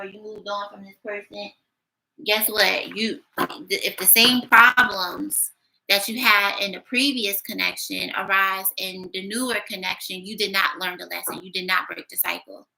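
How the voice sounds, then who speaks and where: Gravelly bright-voiced woman reading tarot. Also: mid-range voice, steady tone, normal speed, low-quality recording. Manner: blunt, sassy, thinking aloud. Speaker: tarot reader. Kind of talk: casual tarot reading monologue.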